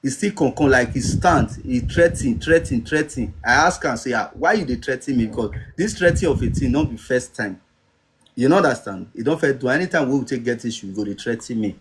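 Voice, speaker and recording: A man's voice: medium pitch, lively intonation, a little fast, a little hiss or hum. A man with a Nigerian accent talking in a casual live stream, insistent and often asking if he is understood. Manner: insistent, repeats "you understand?".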